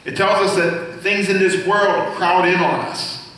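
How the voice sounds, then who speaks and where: A man's voice: high voice, steady tone, measured pace, a bit bright. A man preaching a sermon as senior pastor, speaking conversationally and asking the congregation questions. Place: church sanctuary. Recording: very echoey hall, voice from far off.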